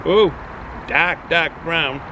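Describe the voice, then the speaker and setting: A man's voice: fairly high pitch, drawn-out words, dull audio, background noise. A man with a Boston accent rambling chattily through a casual beer review, full of fillers and repeats, recorded outdoors in the cold. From New England, US.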